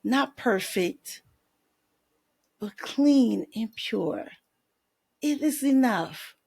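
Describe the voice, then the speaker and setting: A woman's voice: mid-range voice, vocal fry, a little mellow, husky. A woman life coach hosting her own podcast, speaking faith-based encouragement and affirmations straight to her listeners.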